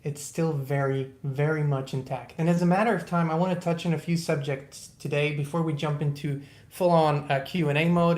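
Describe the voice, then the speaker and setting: A livestream host giving a calm, soothing motivational talk, greeting viewers by name and guiding slow breathing. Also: mid-range voice, reverberant.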